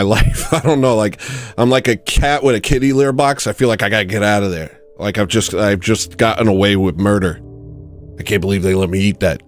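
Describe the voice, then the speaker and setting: A man hosting a livestream, rambling through a comedic monologue that jumps between tangents and laughs at his own jokes. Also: on the low side. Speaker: livestream host.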